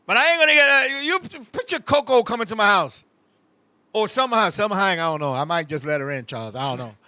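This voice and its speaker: A male host tells animated, profane stories in casual comic chat and keeps turning to his co-host. His voice is very high and cutting. He is recorded on a close, completely dry mic. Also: fast talker, dry recording. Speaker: show host.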